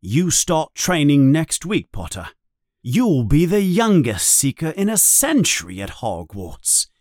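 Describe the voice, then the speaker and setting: Eager teen team captain, read by the narrator; keen, fast, close and dry. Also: medium pitch, no echo, voice pushed up. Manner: excited, quick and keen.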